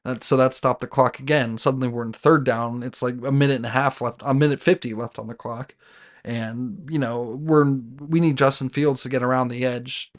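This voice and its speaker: A man talks through his team's latest game on his own podcast, speaking as a fan. His pitch stays level, with little rise and fall, and he keeps restarting sentences and filling pauses. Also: fairly even intonation. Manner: rambling, with frequent fillers and self-corrections; fan talking about his team as "we". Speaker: sports podcast host. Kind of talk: casual solo game recap.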